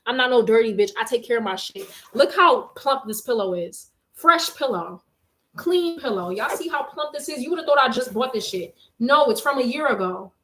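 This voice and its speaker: Her voice is on the high side and a bit bright, with lively intonation and a normal pace, as a young woman livestreams from her bedroom. She chats openly with viewers in slang, breathing hard from making her bed. The room is echoey, with some faint noise.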